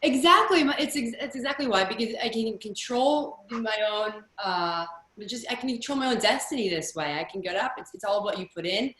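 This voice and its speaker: A woman's voice: fairly high pitch, expressive, a little fast, hardly any pauses, a bit bright, echoey room, poor audio. A woman comedian talking candidly and bluntly as a podcast guest, laughing often. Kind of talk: casual podcast chat.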